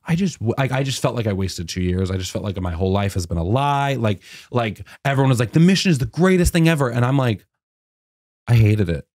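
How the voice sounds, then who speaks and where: A man around thirty, a comedian telling a personal story in casual chat, animated and full of "like" fillers. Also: no room sound, studio quality. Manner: animated, many "like" fillers, acts out quotes in a high voice. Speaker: guest comedian.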